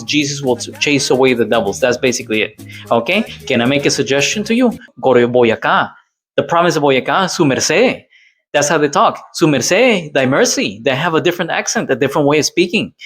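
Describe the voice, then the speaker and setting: Lecturing through his reaction commentary, a man from Colombia restates his points again and again, ending them with "all right?" or "okay?" His voice is a little high and fairly bright.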